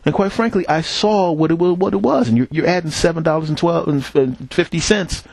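Walking a city street with a headset mic, a Philadelphia podcast host rambles through a foul-mouthed story in a loose monologue. He speaks briskly in a fairly high, gravelly yet slightly mellow voice, with no echo.

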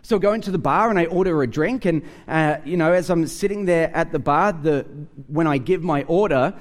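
A man's voice: fairly high pitch, brisk. A man with an Australian accent, a pastor preaching a conversational sermon and telling a story with acted-out dialogue.

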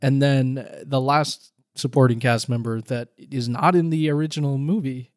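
A podcast co-host in casual chat, talking fast and retelling scenes from a film. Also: mid-range voice, fairly even intonation, dry recording, studio quality.

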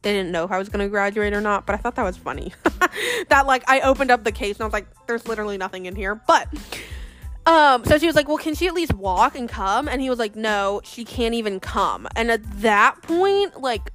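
A young woman telling a personal story in a chatty, animated way, acting out the voices of the people she quotes. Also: fairly high pitch, brisk, soft background music. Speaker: vlogger. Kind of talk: casual storytelling.

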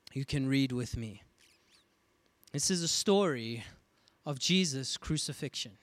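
A male pastor preaching in a slightly raised voice, reading scripture and then driving each point home with repeated phrases. The sound is close and dry, with almost no room echo. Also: fairly high pitch. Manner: reads scripture aloud, then explains it with emphatic repetition. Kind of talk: sermon.

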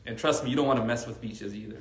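A man's voice: mid-range voice, racing, roomy sound. A man who teaches Arabic, giving a casual religious talk to a faith circle and telling stories with lots of "like" fillers. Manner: animated storytelling with many "like" fillers.

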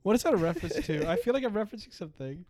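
A man's voice: high voice, lively intonation, racing, darkish tone. A young man co-hosting a podcast, chatting in a rambling, joking way and swearing freely. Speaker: podcast co-host. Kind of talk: casual chat.

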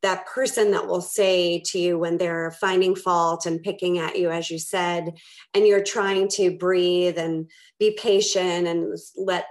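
A woman hosting a conversational interview, asking questions in a reflective, measured way. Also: fairly low pitch. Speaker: host.

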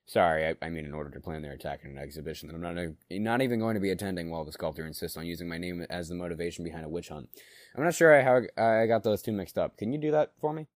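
A man's voice: low voice, no echo, studio quality, close to an everyday voice. Flustered scheming woman director, voiced by a man. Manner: stammering, quick to correct herself.

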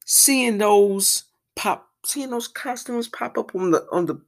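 A young woman hosting a podcast, ranting casually in an exasperated, animated way, full of restarts and fillers. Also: medium pitch, slow pace. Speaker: podcast host.

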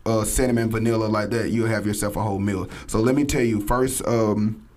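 A man's voice: lowish voice, brisk. A man as a guest cook on a talk show, casually listing ingredients and prices with plenty of ums. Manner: relaxed, lists items and prices with fillers. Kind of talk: casual radio chat, recipe rundown.

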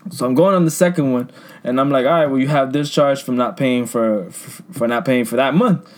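A young man on a casual podcast, telling profane, animated stories about work and acting out customers. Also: a little fast. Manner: animated, profane, acts out customers in higher voices. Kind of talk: casual storytelling chat.

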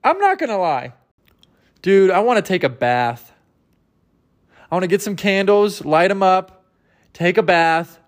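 A man with a high voice hosts his own comedy podcast. He rambles loosely through a story, mocks himself and slips into the voices of the people he describes. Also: sing-song, unhurried, long pauses. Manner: rambling, self-mocking, acts out characters. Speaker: podcast host.

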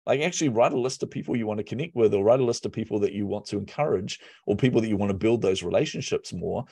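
Podcast guest, male business coach, deep voice, gravelly, lively storyteller. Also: quick pace, dry recording. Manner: animated storyteller, laughs often. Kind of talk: casual podcast conversation. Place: office.

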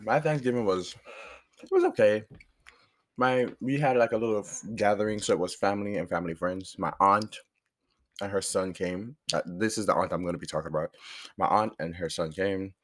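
Hoarse man chatting on his podcast. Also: on the low side. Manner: rambling, chatty, pauses to chew food. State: hoarse from a sore throat. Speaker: podcast host. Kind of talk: casual solo podcast chat.

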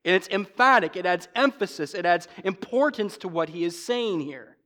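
A man preaching a sermon as pastor, emphatic, swinging from loud stresses to low asides and slowing sharply on repeated refrains. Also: lively intonation.

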